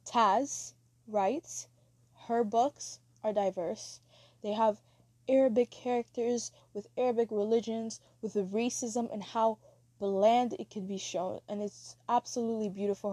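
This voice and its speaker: A woman's voice: mid-range voice, mellow, dry recording. A woman hosting her own podcast in a casual solo chat, rambling and apologetic, with many fillers. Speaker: podcast host.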